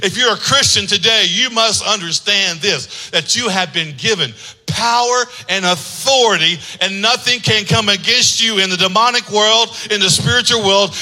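A male pastor with a high, strikingly bright and forceful voice. He tells stories in a low, conversational way, then builds into loud, shouted preaching. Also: normal speed, rough recording. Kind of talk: sermon.

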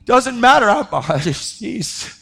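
A man preaching a sermon, telling a story with lively energy and acting out the voices of the people in it. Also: drawn-out words, vocal fry, husky. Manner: animated, acts out quoted voices, pitch jumping up when excited.

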